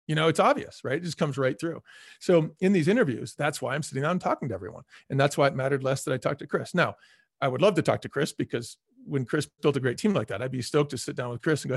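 Fast-talking, emphatic middle-aged man. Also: mid-range voice, vocal fry, husky, no room sound, studio quality. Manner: energetic, emphatic, acts out quoted people. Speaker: interview guest, former restaurant executive. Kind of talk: casual storytelling in a podcast interview.

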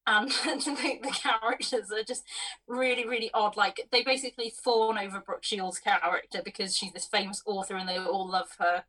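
A woman's voice: mid-range voice, steady tone, normal speed, sharp tone, recorded from a distance, low-quality recording. A woman co-hosting a film podcast, bluntly dismissing a movie she disliked. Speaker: podcast co-host. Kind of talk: casual film review chat.

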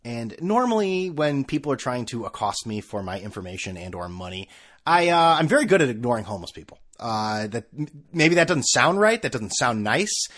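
A man's voice: medium pitch, sing-song, brisk, fairly bright tone. A man hosting a podcast, rambling through a self-mocking comic story with many restarts. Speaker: podcast host. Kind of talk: comedic storytelling.

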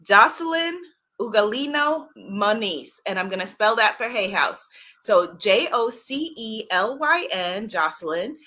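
A woman's voice: mid-range voice, lively intonation, measured pace, bright, forceful tone. A woman hosting a live stream as an author, chatting effusively with viewers, greeting commenters by name and laughing often. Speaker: livestream host and author.

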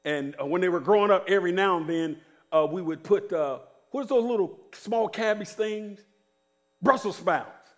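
A middle-aged man preaching a sermon as pastor, calling on the congregation to answer and stretching out key words. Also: high-pitched. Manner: preaching with call-and-response to the congregation; drawn-out emphatic phrasing when reading scripture.

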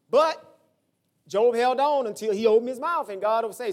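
High-voiced pastor, lively sermon. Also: male voice, moderate pace. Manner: animated storytelling, acts out quoted voices, swings from shouts to low asides.

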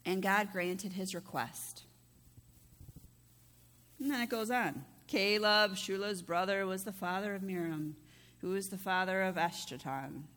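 A woman's voice: mid-range voice, measured pace, a bit bright. A woman pastor preaching a conversational sermon, often asking "right?" of the congregation. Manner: conversational, peppered with rhetorical "right?". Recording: long reverb of a large hall.

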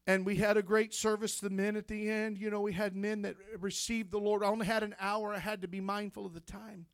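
Man, preacher, testimony sermon, high voice, fervent storytelling, dry close sound. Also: little pitch movement, brisk, no echo. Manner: fervent storytelling, rising to shouts.

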